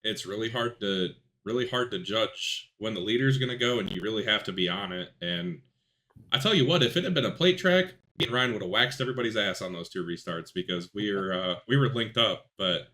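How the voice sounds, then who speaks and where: A man hosting a podcast, talking casually about sim racing and telling rambling, animated stories. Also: fairly low pitch, brisk. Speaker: podcast host.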